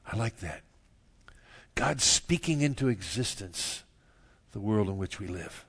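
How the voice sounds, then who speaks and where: A man preaching a sermon, moving from quiet, low stretches to loud, emphatic bursts and chuckling at his own jokes. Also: expressive, a little slow, creaky, breathy edge. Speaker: pastor.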